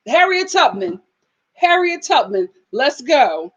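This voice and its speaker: A woman's voice: on the high side, very animated, normal speed, a bit bright, highs cut off. A young woman, chatting casually on a live stream, reading viewers' comments, laughing often and quoting people in exaggerated voices. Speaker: host of a live TV review stream.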